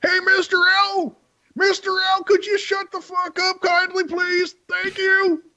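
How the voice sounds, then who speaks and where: A man voicing a chatty, overexcited male messenger pigeon in a high, squeaky, shouty voice. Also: completely flat delivery, unhurried, highs cut off, heavily acted. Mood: eager.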